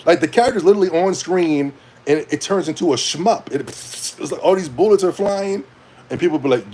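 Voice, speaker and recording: A young man rants casually to camera in a fairly high voice, wandering from point to point. He talks in loose slang and breaks into laughter often. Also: fairly quick, dark tone, breathy edge. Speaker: gaming commentator.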